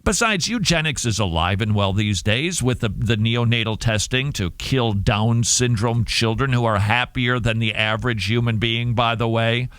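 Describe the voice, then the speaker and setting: A man's voice: medium pitch, normal speed, few pauses, a bit bright, clear, resonant tone, no echo. A middle-aged man hosting a talk show, commenting casually with sarcasm and jokey asides.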